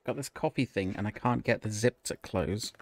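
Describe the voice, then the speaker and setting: A man's voice: on the low side, normal speed, a little mellow, dry recording. A man streaming a social deduction game with friends, joking and laughing a lot. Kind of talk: casual gaming chat.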